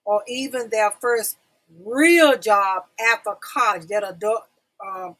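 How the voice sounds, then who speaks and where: A middle-aged woman with a medium-pitched, fairly bright voice hosts a casual livestream talk show at a slow pace. Chatty and prone to repeating phrases, she speaks directly to viewers she calls "y'all," and the recording is low quality.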